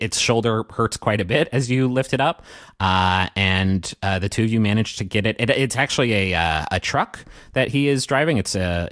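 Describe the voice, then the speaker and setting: A man's voice: on the low side, fairly bright tone, no room sound, clean studio sound. A man narrating a tabletop game as game master, rambling with frequent hesitations. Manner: rambling, full of fillers and restarts.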